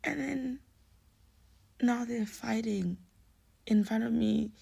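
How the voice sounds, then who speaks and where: A young woman telling a personal story in a hushed, often half-whispered voice, slipping Nguni words into her English. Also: fairly high pitch, takes it slowly, creaky, long pauses, breathy edge, no echo. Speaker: storyteller vlogger.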